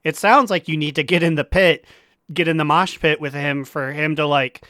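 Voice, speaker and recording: Bright, dry-sounding man joking around. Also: fairly high pitch, steady tone, moderate pace, no room sound. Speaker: podcast co-host. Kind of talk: casual gaming podcast chat.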